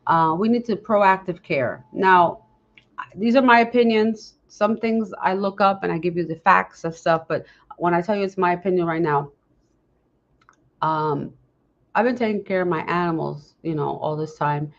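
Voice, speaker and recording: A woman's voice: lowish voice, moderate pace, lo-fi sound. Rambling, earnest woman podcast host. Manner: rambling, often breaks off and restarts sentences; earnest, speaks straight to listeners with questions. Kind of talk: casual unscripted podcast talk.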